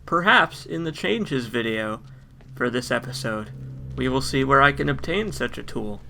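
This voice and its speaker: A man's voice: medium pitch, animated, moderate pace, gravelly, pushed and bright. A man giving casual let's play game commentary with wry, joking asides.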